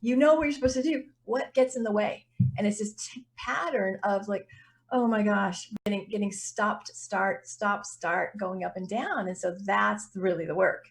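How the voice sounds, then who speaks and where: A woman's voice: mid-range voice, fairly even intonation, moderate pace, vocal fry. A woman business coach as an interview guest, talking casually and animatedly and acting out little voices and reactions.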